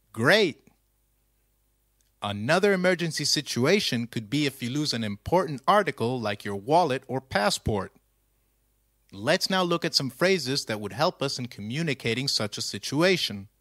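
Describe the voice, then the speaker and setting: A man's voice: mid-range voice, sharp tone, no room sound, studio quality. A man narrating a scripted language lesson, posing quiz questions patiently and walking through each answer. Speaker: language teacher.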